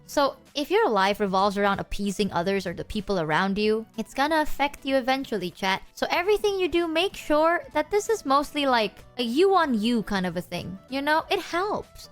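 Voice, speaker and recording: A young adult woman streamer talking candidly to her chat, swearing freely and joking at her own expense. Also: a little high. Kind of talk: casual livestream chat.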